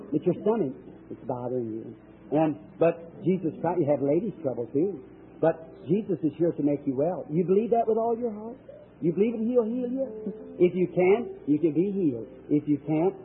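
Fervent high-voiced preacher on old tape. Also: male voice, slight background noise. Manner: fervent, emphatic, speaks directly to people one by one. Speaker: preacher and faith healer. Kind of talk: healing-service sermon with prayer. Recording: thin, tinny old archival tape.

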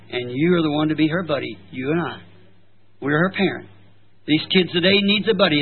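A man's voice: on the high side, slight background noise. A middle-aged male pastor preaching a sermon, telling folksy stories and tossing in frequent "See?" asides. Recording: tinny old archival sermon tape.

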